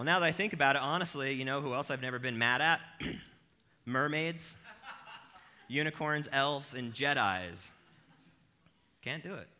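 A man's voice: mid-range voice, slight background noise. A man preaching an evening sermon in a casual, humorous, self-deprecating way, talking straight to his listeners. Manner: animated, self-deprecating, addresses the crowd directly.

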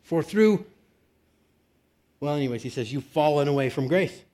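A man's voice: on the high side, expressive, normal speed, warm tone. A man preaching a conversational sermon, reading scripture and breaking into emphatic bursts. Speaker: pastor.

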